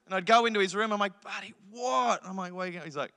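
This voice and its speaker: A man in his thirties preaches with bright, forceful energy, his voice sitting a little high. He jokes through family stories and acts out quick impressions. The sound rings with the long reverb of a large church hall. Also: smooth. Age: 30s. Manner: energetic, joking storytelling with animated impressions. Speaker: pastor. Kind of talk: sermon.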